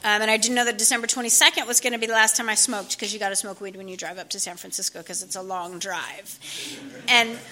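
A woman's voice: medium pitch, steady tone, quick pace, bright, forceful tone. A woman telling her personal recovery story to a group, conversational, with many fillers and restarts. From California. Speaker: speaker sharing recovery story.

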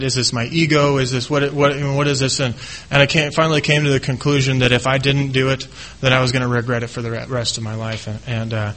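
Middle-aged man, personal testimony, earnest and halting, forceful bright tone. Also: mid-range voice, poor audio. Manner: earnest and halting, with many restarts. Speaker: speaker sharing his recovery story.

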